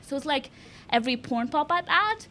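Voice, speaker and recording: Young woman comic from Lithuania, high voice, deadpan self-mockery, chuckling through her live club set. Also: moderate pace, slight background noise. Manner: deadpan self-mocking delivery, laughing at her own jokes. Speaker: stand-up comedian. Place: comedy club stage.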